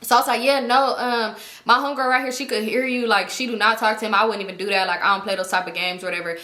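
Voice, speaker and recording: A woman's voice: a little high, steady tone, fast talker, sharp tone, reverberant. A woman vlogger telling a rambling, profane story in a casual way, full of fillers.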